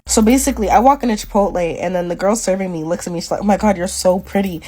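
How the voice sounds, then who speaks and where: A woman's voice: medium pitch, fast, mellow, breathy edge. A woman telling a story to camera in a dramatic, comic way, acting out the quoted voices.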